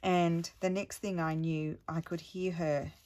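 A middle-aged woman chatting at home as a crafting vlogger, telling a rambling story with many restarts and sometimes dropping to a hushed voice. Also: lowish voice, flat delivery, measured pace. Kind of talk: casual chat while crafting.

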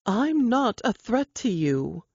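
A woman voicing a calm, brave woman who talks down a gunman, slow and soothing. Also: a little high, breathy edge, lo-fi sound, voice pushed up, heavily acted.

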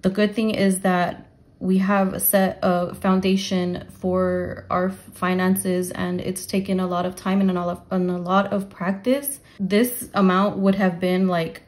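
A young adult woman talking casually to her viewers about her family budget, rambling with fillers, then counting cash aloud in a steady rhythm. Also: fairly low pitch, a little slow. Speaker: budgeting vlogger. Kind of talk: casual talk to camera while counting cash.

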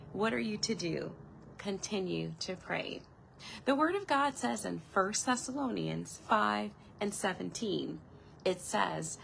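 A woman's voice: medium pitch, vocal fry, fairly bright tone, slight background noise, low-quality recording. A woman pastor preaching a devotional sermon, earnest and encouraging, stretching out the words she stresses. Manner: earnest, encouraging, drawn-out emphasis on key words.

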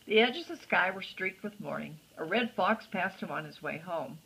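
An older woman reading a picture book aloud to a child, with gentle chatty asides and a husky voice. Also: on the low side, animated, normal speed, a little hiss or hum, poor audio. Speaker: storyteller grandmother.

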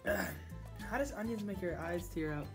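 A woman vlogging in a casual, playful way, joking with her viewers and breaking into sudden loud exclamations. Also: on the low side, big pitch swings, moderate pace, music in the background. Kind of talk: casual vlog chat.

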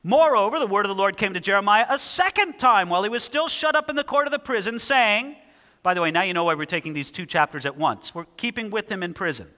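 A man preaching with a high, bright voice that carries a long hall reverb. He reads scripture aloud with lively emphasis and presses each point home. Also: fast. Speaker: pastor. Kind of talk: sermon.

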